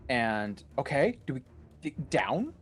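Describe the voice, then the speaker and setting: A man's voice: mid-range voice, slow, breathy edge, soft background music. A man playing a tabletop role-playing game, chatty and tripping over his words. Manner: lively, stumbles over words. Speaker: player.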